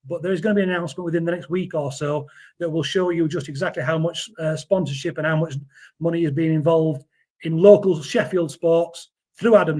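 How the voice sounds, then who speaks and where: A man's voice: fairly high pitch, a little mellow. A man, talking earnestly in a casual interview, often repeating words as he defends someone. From Yorkshire, England. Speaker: interview guest.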